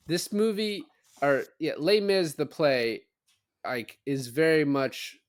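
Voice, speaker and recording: A man's voice: on the high side, expressive, slow pace, dry recording, studio quality. A man co-hosting a casual movie review podcast, loosely recapping the plot and joking about the characters. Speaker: podcast co-host.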